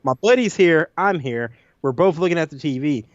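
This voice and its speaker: A man co-hosting a podcast, telling a nightmare story in an animated, profane way and acting out his own lines. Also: on the high side, moderate pace, no room sound. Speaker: podcast co-host. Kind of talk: casual storytelling chat. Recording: dull lo-fi audio, dry.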